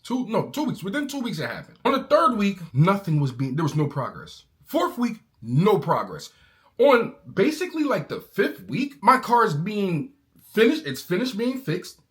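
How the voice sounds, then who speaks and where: A man's voice: high-pitched, huge pitch swings, normal speed, fairly bright tone. A man in a casual vlog, ranting angrily and talking in slang, calling his listener bro. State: angry. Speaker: car owner vlogger.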